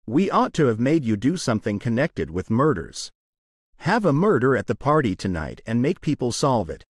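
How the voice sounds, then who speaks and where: A blunt, sturdy thirteen-year-old girl, as a male narrator reads her lines in an audiobook. She asks forthright, nosy questions, and her pitch moves in a lively way. The sound is close and dry. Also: normal speed, breathy edge, dry recording.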